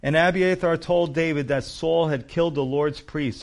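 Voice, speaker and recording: A man preaching a sermon, reading scripture aloud and breaking off into animated asides to his listeners. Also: on the high side, moderate pace, creaky. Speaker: pastor.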